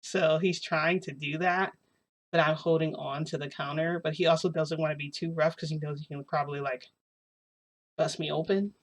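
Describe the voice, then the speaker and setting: A woman's voice: low-pitched, fairly even intonation, moderate pace. Rambling, giggly woman telling a story. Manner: rambling and giggly, full of fillers. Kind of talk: casual storytime.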